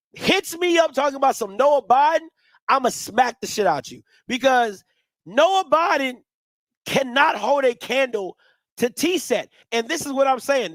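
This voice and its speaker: A young man hosting a show, delivering blunt, opinionated sports commentary in an animated rant. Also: extremely high pitch, no room sound, clean studio sound.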